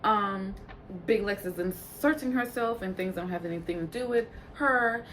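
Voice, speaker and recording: A woman's voice: medium pitch, moderate pace, slight background noise. Blunt, sassy woman recapping reality TV. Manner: blunt, profane, sassy storytelling; animated, jumps into quoted voices. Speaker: reality TV reviewer. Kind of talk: casual recap commentary.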